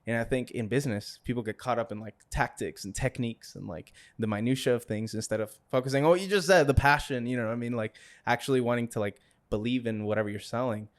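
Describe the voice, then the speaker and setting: A man's voice: mid-range voice, quick pace, few pauses. A man hosting a podcast, talking in a loose, rambling way with lots of fillers and frequent laughs. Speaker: podcast host. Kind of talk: casual interview chat.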